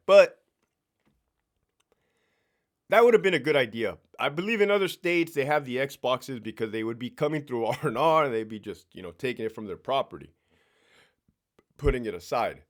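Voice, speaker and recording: A man's voice: mid-range voice, lively intonation, moderate pace, pauses often, a bit bright. Blunt, profane ex-sergeant man ranting. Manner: repeats words, restarts. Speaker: former prison sergeant. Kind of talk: casual ranting vlog.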